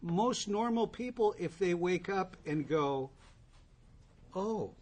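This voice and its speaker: A man's voice: high-pitched, expressive, measured pace, a little hiss or hum. A man telling his own recovery story to a group, candid and wry, with asides to the listeners. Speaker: recovery speaker.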